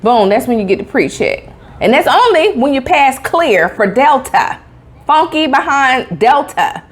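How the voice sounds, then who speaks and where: A woman's voice: sits high, very animated, a little slow, slightly rough. A woman from Tampa, telling a sassy, emphatic story with sound effects in a casual vlog chat. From Tampa, Florida. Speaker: vlogger.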